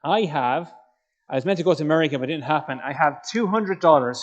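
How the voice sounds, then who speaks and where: Irish man, youth speaker, joking, fairly high voice, dull lo-fi recording. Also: fairly quick. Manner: joking, quizzes the audience. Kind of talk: lively faith talk to a youth audience.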